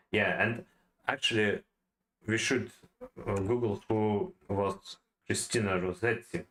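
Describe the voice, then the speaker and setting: Halting low-voiced man studying poetry aloud. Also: fairly even intonation, fairly bright tone, low-quality recording. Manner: halting, many fillers and restarts, non-native phrasing. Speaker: self-taught poetry learner. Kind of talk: thinking-aloud study session.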